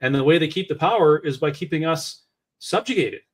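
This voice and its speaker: A Canadian man appears as a guest in casual conversational commentary, speaking earnestly and with conviction. His voice is on the high side, expressive and fairly quick, and his opinionated points come with hesitant restarts.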